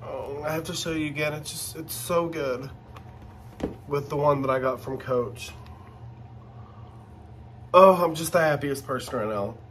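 A man hosting a casual unboxing vlog, his voice sitting a little high for a man. He drawls slowly and gushes with excitement, talking straight to his viewers. A faint hiss runs underneath. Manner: gushing and excitable, talks to viewers directly. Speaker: channel host.

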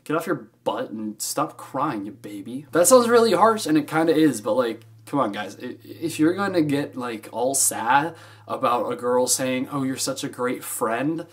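Animated young man vlogging. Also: medium pitch, moderate pace. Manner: animated, jokey, swings between loud and soft. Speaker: vlogger host. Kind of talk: casual talking-head vlog.

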